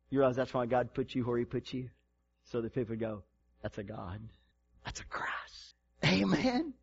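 A man with a high voice preaches a sermon in a church sanctuary. He sinks to near-whispers and then climbs into ringing shouts. The recording sounds dull and lo-fi. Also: breathy edge. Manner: preaching with big swings from hushed to shouting. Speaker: pastor.

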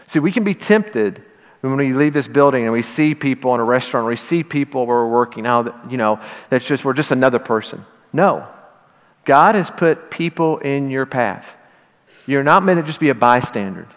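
Earnest Western Kentucky preacher in a hall. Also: male voice, medium pitch, expressive, normal speed. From Southern Illinois. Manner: earnest, conversational, builds to emphatic peaks. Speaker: pastor. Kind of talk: sermon.

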